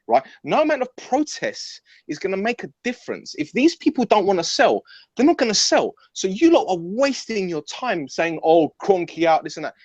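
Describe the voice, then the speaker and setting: A young man arguing about football in a blunt, animated, sweary way, repeating himself as he talks. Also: high-pitched, dry recording. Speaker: football fan pundit. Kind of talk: heated casual football debate. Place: his mum's house. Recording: dull, muffled audio.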